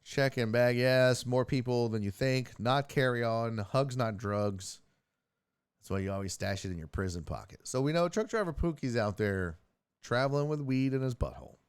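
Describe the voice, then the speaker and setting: A man's voice: medium pitch, moderate pace, smooth, no echo. A man hosting a casual streamed sports talk show, joking profanely and reacting to chat messages. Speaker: host.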